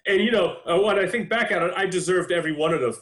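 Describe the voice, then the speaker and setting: A man in his forties from New York, telling a childhood story in casual chat with an animated, shifting pace. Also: sits high, fast talker, roomy sound. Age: 40s.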